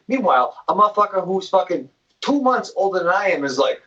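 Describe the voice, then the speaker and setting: A high-voiced, bright man rambles through a story on a casual podcast and swears freely. He sits back from the mic, so his voice sounds dull and a little distant. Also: lively intonation, a little fast. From American South. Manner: loud, rambling, swears a lot. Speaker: podcast co-host. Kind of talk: casual chat.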